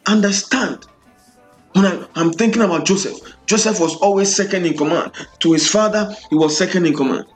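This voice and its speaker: Man, high-pitched preaching voice, rhythmic repeated refrains, faint music behind. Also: fairly quick. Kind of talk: sermon.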